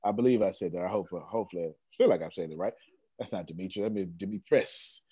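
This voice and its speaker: A man's voice: sits low, rapid-fire, mellow, breathy edge, no echo. Enthusiastic male host, dry sound. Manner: enthusiastic, emphatic, repeats phrases and laughs often. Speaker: host of a coaching group call. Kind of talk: lively group video call.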